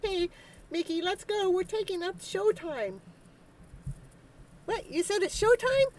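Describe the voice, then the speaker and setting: A woman hosting a live tarot reading stream, chatting casually, joking and breaking into whooping cheers, then dropping to soft murmurs. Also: very high-pitched, animated, measured pace, slight background noise, rough recording. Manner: talks softly while eating, then bursts out loud. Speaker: live tarot reader and show host.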